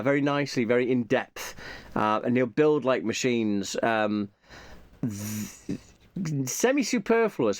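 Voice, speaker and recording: A man's voice: medium pitch, dry recording. Man rambling aloud in a dry room. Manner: rambling, thinking aloud, muttering repeated asides to himself. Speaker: YouTuber reviewing his subscriptions. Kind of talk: casual off-the-cuff monologue.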